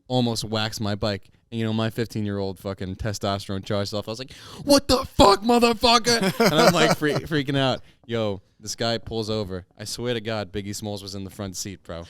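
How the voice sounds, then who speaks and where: A man tells a story on a podcast in a smooth, fairly low voice. He gets excited and shouts when he acts out what people said. The mic sounds dry. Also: normal speed, few pauses, no room sound. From Long Island, New York. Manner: excitable, jumps to shouted quotes when acting out. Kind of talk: casual storytelling chat.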